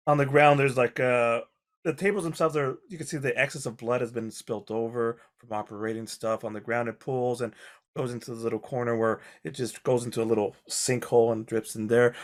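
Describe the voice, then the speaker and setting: A man narrating a tabletop game as game master, describing scenes in halting, rambling bursts full of fillers. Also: medium pitch.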